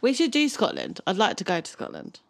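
A woman's voice: medium pitch, huge pitch swings, fairly quick, creaky, no echo. Giggly woman co-hosting a podcast. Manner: giggly, reads notes aloud. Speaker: podcast co-host. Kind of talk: casual chat and reading history notes.

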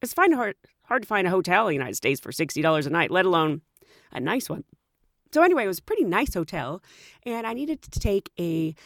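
Brief: chatty flight attendant woman, expressive storyteller, dry recording. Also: mid-range voice, no echo. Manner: animated, chatty, frequent "you know". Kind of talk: casual storytelling.

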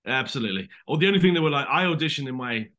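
A British man around forty, a guest actor telling rambling, animated stories in a casual podcast interview. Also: medium pitch, racing. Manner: rambling animated storytelling, says "mate".

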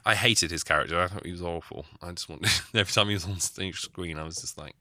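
Very low, bright-toned blunt man. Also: quick pace, no room sound, clean studio sound. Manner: blunt, laughing, rambling. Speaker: podcast guest, film critic. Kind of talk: casual chat over a video call. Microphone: video call.

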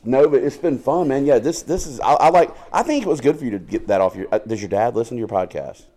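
A man's voice: medium pitch, lively intonation, fast talker, dark tone. A man co-hosting a casual podcast, joking crudely and laughing often as he tells stories. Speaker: podcast co-host.

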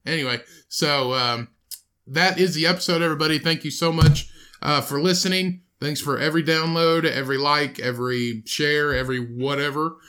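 A young man co-hosts a casual podcast in a bright, slightly sharp voice that sits a bit high. He rambles through profane stories and swears freely. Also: fairly even intonation, normal speed. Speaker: podcast co-host.

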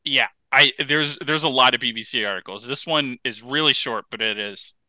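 A man co-hosts a casual podcast, and his voice is strikingly bright and smooth. He tells his stories in an animated way, leaning on "like" as a filler. The sound is dry and close, with no room in it. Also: medium pitch, moderate pace, dry recording. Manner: animated storyteller, lots of "like" fillers. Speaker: podcast co-host. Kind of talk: casual chat.

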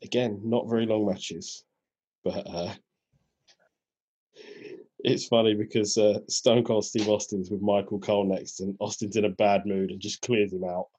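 A man's voice: on the low side, little pitch movement, unhurried, dark tone, slightly rough. A man co-hosting a podcast, chatting casually in a laid-back way and walking through the show's events. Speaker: podcast co-host. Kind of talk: casual chat.

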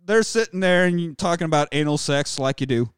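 Guy host swearing thru a movie recap, high-ish voice, smooth, dry close mic. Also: fairly quick, no echo. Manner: profane, animated storytelling. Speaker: podcast host. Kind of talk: casual movie recap chat.

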